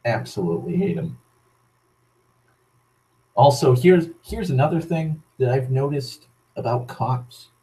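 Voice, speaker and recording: A young man rants at his own pace, lacing every thought with profanity and dry sarcasm. He rambles, stops and restarts sentences, and his voice sits at an ordinary mid pitch. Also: sing-song, measured pace, long pauses, warm tone, low-quality recording. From Massachusetts. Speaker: vlogger. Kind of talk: casual rant.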